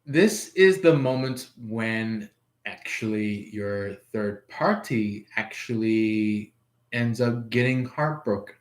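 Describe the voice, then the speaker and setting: Slow-talking man giving a tarot reading. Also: on the low side, expressive. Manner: rambling, chuckling, acts out quoted lines. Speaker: tarot reader. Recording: echoey room.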